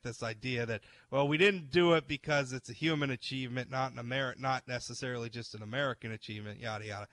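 Bright-voiced man hosting a talk show. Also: fairly high pitch. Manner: chatty, self-interrupting, reads articles aloud. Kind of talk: casual opinion chat.

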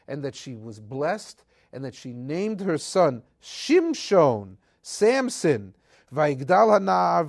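Animated man retelling a scripture story. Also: fairly high pitch. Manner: lively retelling, acting out characters' quotes; mixes Hebrew terms into casual English. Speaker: Torah teacher. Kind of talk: weekly Torah portion storytelling.

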